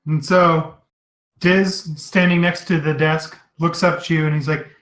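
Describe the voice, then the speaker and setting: A man running a tabletop game as dungeon master, describing scenes in a relaxed, rambling way. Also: fairly high pitch, measured pace, roomy sound, low-quality recording.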